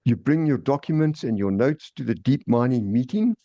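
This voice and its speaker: A man's voice: medium pitch, lively intonation, moderate pace, dark tone, dry recording, dull audio. A man hosting an online meeting and presenting an agenda item, with frequent repeated words and restarts. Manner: repetitive, stammering restarts. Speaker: meeting host. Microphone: video call.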